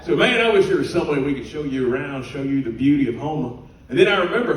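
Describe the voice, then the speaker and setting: A man performing a stand-up comedy routine on stage, telling stories in an animated way. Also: a little high, fast. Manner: animated storytelling with laughter. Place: cruise ship theater, live audience. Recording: echoey room from far off, audience noise.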